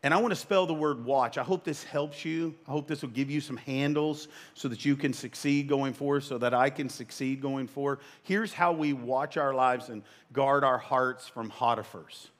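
A man in his fifties preaching a sermon as pastor. He is emphatic and conversational, makes joking asides, and his voice jumps up in sudden excited bursts. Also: medium pitch, moderate pace, few pauses. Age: 50s.

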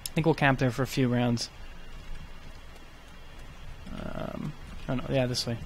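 A man's voice: medium pitch, steady tone, a little slow, vocal fry, slight background noise. Chatty man narrating his gameplay. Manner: chatty, thinking aloud. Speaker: gaming YouTuber. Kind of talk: let's play commentary.

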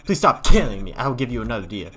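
A man voicing a pushy, loud scammer salesman figure with huckster patter in a game playthrough. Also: mid-range voice, big pitch swings, racing, faint music behind, pitched below the performer's own voice. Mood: pushy, salesy.

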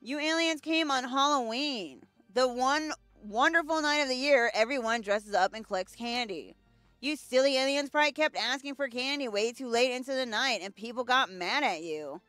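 A young woman commenting on her gameplay, excitable, swearing and joking. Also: sits high, moderate pace, no room sound, faint music behind. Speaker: gaming channel host. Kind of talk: let's play commentary.

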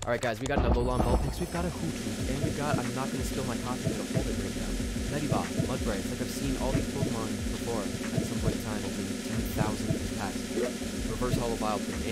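A young man streaming live from his home office on a desk microphone, excitably reading out chat names and laughing as he opens card packs. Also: mid-range voice. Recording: loud game music under the voice. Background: game music.

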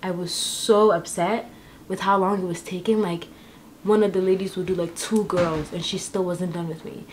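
A woman's voice: on the low side, fairly even intonation, moderate pace, slight background noise. A young woman chatting to camera as she gets ready, telling a long story with lots of fillers. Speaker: vlogger. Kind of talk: casual chat to camera while getting ready. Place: apartment.

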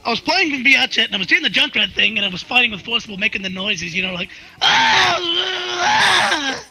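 A man's voice: high voice, rapid-fire, pushed and bright, poor audio. A man guest in a casual online interview, telling stories in a rambling way, repeating his words as he goes. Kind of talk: casual chat. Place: online virtual world session. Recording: faint music underneath.

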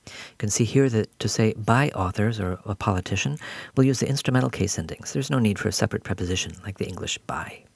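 A man's voice: fairly low pitch, fast, vocal fry, husky, no echo. A man giving a patient, explanatory recorded grammar lesson as a language teacher.

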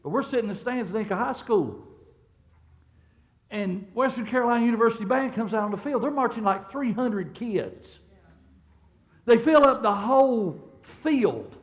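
A middle-aged pastor with a notably high voice delivers a sermon in a church. He talks in a loose, conversational way, stumbling and restarting as he goes, and keeps turning to the congregation with questions. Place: church sanctuary.

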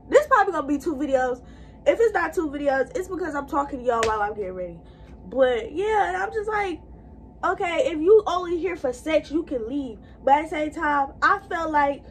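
A woman with a high voice, talking straight to her viewers as she gets ready. Her casual chat rambles from one thought to the next, recorded on a phone or camera held close. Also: animated, brisk, a little hiss or hum. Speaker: vlogger.

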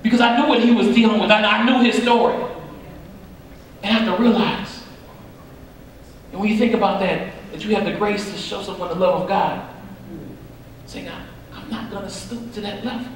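A man's voice: sits high, steady tone, brisk, long pauses, slight background noise. A man, a pastor, preaching an earnest storytelling sermon and repeating phrases for emphasis. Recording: echoey hall, mic far off.

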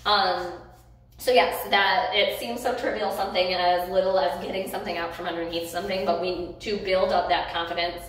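A woman's voice: fairly low pitch, steady tone, moderate pace. A young woman dog trainer talks through her session in an upbeat, rambling way, full of ums and restarts. She sounds set back from the mic, and the room rings with heavy echo. A faint hiss sits under her voice. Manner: chatty, upbeat, loose with fillers and restarts. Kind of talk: casual instructional narration. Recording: roomy, distant phone or camera mic.

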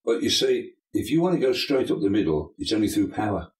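A man's voice: lowish voice, sing-song, fairly quick. An older man, a pastor and bishop, talking emphatically in an interview, full of folksy sayings. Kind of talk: preacherly interview talk. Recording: echoey room.

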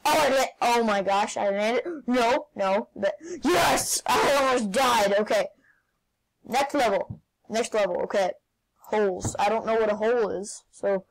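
Woman yelling along to a bike game, slow drawl, gravelly. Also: medium pitch, a little hiss or hum, low-quality recording. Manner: excitable, shouts and laughs while playing. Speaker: gaming channel host. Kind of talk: game commentary.

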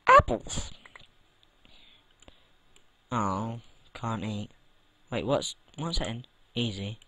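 A man's voice: lowish voice, slow pace, a bit bright. A man from the UK giving casual, rambling commentary while playing a game, with mild swearing. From United Kingdom. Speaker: let's play gamer.

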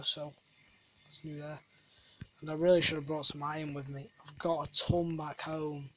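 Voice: medium pitch, no room sound. A speaker giving casual, rambling gameplay commentary full of jokey, self-deprecating asides. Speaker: gamer, channel host.

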